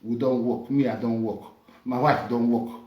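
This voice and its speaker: A woman's voice: a bass voice, fairly even intonation, moderate pace, dark tone, echoey room. A Nigerian woman vlogger speaking Nigerian Pidgin English in a combative, mocking rant full of repeated taunts. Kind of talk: ranting monologue.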